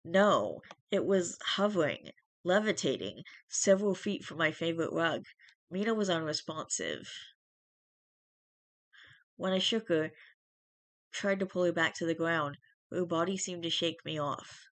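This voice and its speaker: A streamer reading a first-person horror story aloud in steady narration, with small restarts. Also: medium pitch, unhurried, pauses often, no room sound.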